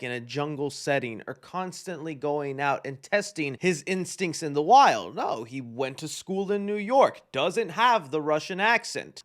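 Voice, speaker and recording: Sarcastic high-voiced male film reviewer. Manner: sarcastic, animated, quick asides. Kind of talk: casual spoiler review.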